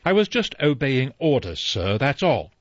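A man's voice: medium pitch, very animated, a little slow, no room sound, voice pushed up. A man reading an audiobook, voicing an anxious, deferential middle-aged butler who pleads earnestly. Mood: pleading. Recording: slightly dull dry recording.

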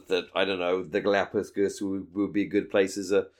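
A man's voice: sits low, level tone, a little fast. Man from England, podcast co-host, casual chat, wry and joking, playful asides.

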